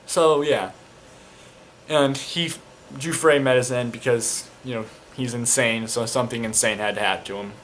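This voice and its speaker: A man's voice: mid-range voice, steady tone, normal speed, a bit bright, a little hiss or hum. A young man casually recounting a tabletop game, rambling with lots of fillers and crude slang. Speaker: storyteller, fan video maker.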